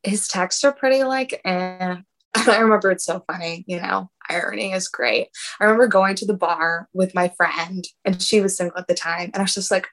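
Young woman, casual storytelling, animated, laughs often, acts out quotes. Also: fairly low pitch, normal speed, poor audio. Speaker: guest telling a story.

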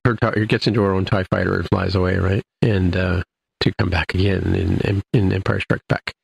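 A man's voice: low voice, flat delivery, brisk, creaky, breathy edge. A man casually recapping an episode, rambling with many fillers and restarts. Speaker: podcast host recapping an episode. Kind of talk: casual chat.

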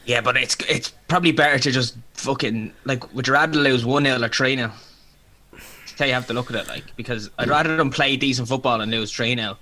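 A man's voice: medium pitch, fairly quick, pushed and bright. A man co-hosting a casual sports podcast, giving blunt opinions and swearing freely. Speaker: podcast co-host.

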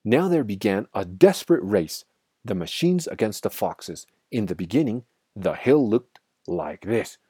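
Guy reading a kids story, lively up and down, dark husky voice. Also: fairly low pitch, unhurried, no echo, clean studio sound. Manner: expressive, dramatic.

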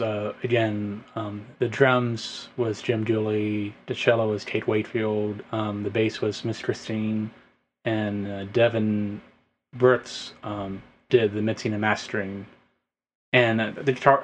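A man's voice: on the low side, fairly even intonation, measured pace, slight background noise. A man guesting on a podcast as a musician, talking loosely and casually with lots of "like".

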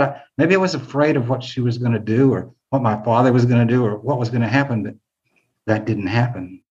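An older man tells a personal story in a plain, mid-pitched voice. He often stumbles and repeats his words. The recording sounds a little dull and muffled. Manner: halting, repeats words when moved.

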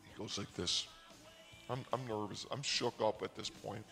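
A man telling a comic story in a deadpan, mock-naive, sarcastic way. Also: on the low side, normal speed, creaky, soft background music. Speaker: podcaster. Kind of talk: comedic storytelling monologue.

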